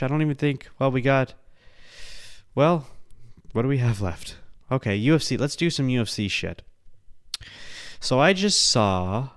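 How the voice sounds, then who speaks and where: A young podcast host talks loosely into his mic at an ordinary male pitch during a casual chat. He swears a lot, throws in asides, drifts from one thought to the next, and keeps laughing.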